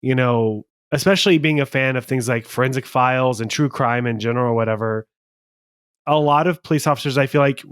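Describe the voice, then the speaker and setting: A man's voice: mid-range voice, a little fast, a bit bright, clean tone, no echo, studio quality. A man co-hosting a movie podcast, chatty and rambling in casual talk. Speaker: podcast co-host. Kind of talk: casual chat.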